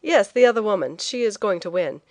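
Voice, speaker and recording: A woman reading the lines of a brisk male shipping agent who speaks with blunt certainty. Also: medium pitch, expressive, dry recording, lightly acted. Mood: insistent. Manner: brisk, insistent.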